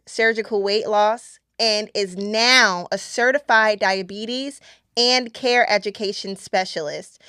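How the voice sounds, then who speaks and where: A woman's voice: fairly high pitch, a bit bright, clean tone, dry recording, studio quality. An American woman hosting a podcast, enthusiastic and giggly as she introduces a guest and leads the chat. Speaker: podcast host.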